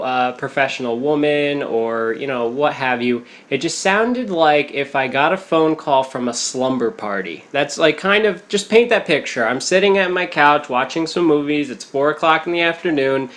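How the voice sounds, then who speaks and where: A young man with a fairly high voice co-hosts a podcast, chatting casually and telling a story. He's animated, laughing as he goes and acting out the quotes.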